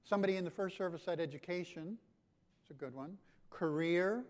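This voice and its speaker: A man's voice: sits high, fast. A pastor giving a conversational sermon, asking his congregation questions. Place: church sanctuary. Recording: long hall reverb.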